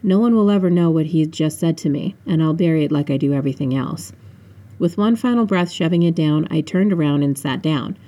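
Woman author narrating own audiobook, lowish voice, casual. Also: fairly quick, warm tone. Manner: casual narration with offhand asides. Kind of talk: unedited first-person audiobook narration.

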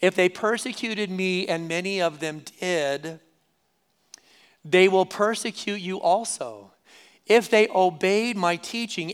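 Male pastor, sermon, high and clear voice, conversational, repeats lines for emphasis. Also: measured pace. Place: church service.

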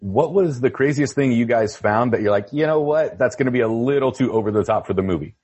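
A man's voice: mid-range voice, animated, fast, darkish tone, husky. A male interviewer asking casual, somewhat hesitant questions.

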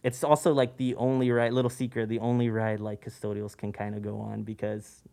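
A young man in a loose podcast conversation, spinning a story from his old job. He talks casually and keeps slipping into animated voices for the people in the tale, so the pitch jumps up whenever he quotes them. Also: fairly quick, creaky. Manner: animated, acts out voices in anecdotes. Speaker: podcast guest, former theme park worker.

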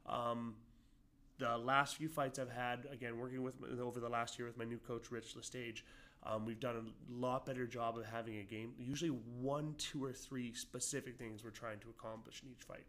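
Man, speaking in a medium pitch in a casual interview. He rambles and restarts often, with plenty of likes and ums, in a relaxed, conversational way. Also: moderate pace. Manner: rambling, many fillers and restarts. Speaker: amateur boxer guest.

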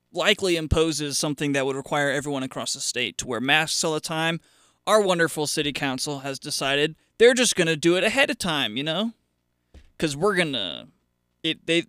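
Guy doing a radio show by himself, kinda high voice, sarcastic, rambles a lot. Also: bright, forceful tone, clean tone, dry recording, studio quality. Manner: rambling and sarcastic, with frequent fillers and restarts. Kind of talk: casual solo radio monologue.

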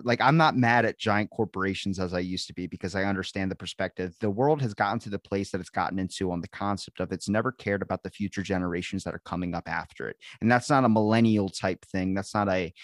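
A man's voice: fairly low pitch, dry recording, clean studio sound. A man hosting a podcast, musing at length in a rambling, opinionated way. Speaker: podcast host. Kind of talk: conversational podcast interview.

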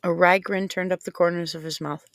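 A woman narrating a novel aloud in a measured, unhurried manner. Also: fairly low pitch, fairly even intonation, no room sound. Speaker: audiobook narrator. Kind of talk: scripted narration.

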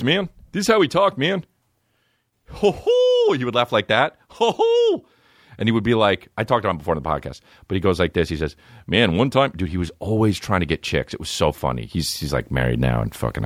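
A man hosting a comedy podcast, telling crude stories full of swearing and breaking into squeaky character voices. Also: dry recording, studio quality. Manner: profane, animated, jumps into high-pitched character voices. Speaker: podcast host.

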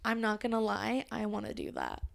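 A woman's voice: medium pitch, wildly swooping pitch, fairly quick, gravelly. A woman co-hosting a podcast, chatting casually and candidly with lots of fillers. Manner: chatty, candid, says like a lot. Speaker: podcast co-host.

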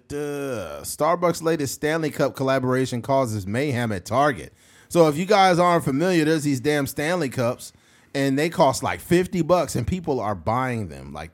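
Joking male podcast host, lively pitch. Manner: loose, profane, joking. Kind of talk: casual podcast chat.

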